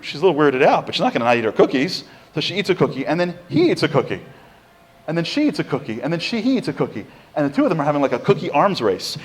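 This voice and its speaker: A man telling a story during an inspirational lecture, fairly high-voiced for a man. He builds the tension in lively bursts, then slows and drops low to drive the point home. His voice carries a long echo from the hall he is speaking in. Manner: animated storyteller, building to rising peaks and then dropping low and slow.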